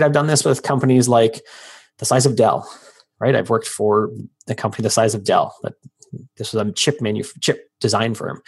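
A man's voice: mid-range voice, breathy edge. A man in his thirties, a podcast guest, talking casually and telling stories with acted-out quotes. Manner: fast, storytelling with acted-out quotes. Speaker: guest, freelance business owner.

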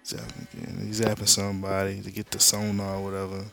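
A man's voice: low voice, completely flat delivery, fast, vocal fry, bright, forceful tone, faint music behind. A man hosting a podcast, retelling a comic book story in loose, slangy, laid-back talk. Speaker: podcast host. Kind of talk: casual comic-book recap.

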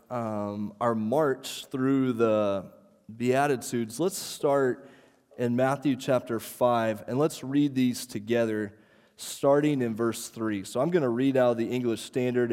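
A man's voice: medium pitch, a little mellow. Reverberant conversational male pastor. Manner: conversational, self-deprecating, with fillers. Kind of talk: sermon. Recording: reverberant hall.

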